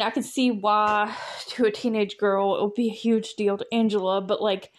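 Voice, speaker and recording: A woman hosting a podcast, chatting casually on her own, laughing often and filling her talk with "like" and "you know". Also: mid-range voice. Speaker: podcast host. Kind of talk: casual solo chat.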